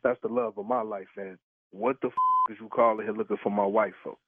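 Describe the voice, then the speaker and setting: A man's voice: fairly low pitch, fairly even intonation, a little fast, slightly rough, no room sound. A man taking a prank phone call, heated and swearing with incredulous laughs. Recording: tinny dry phone line.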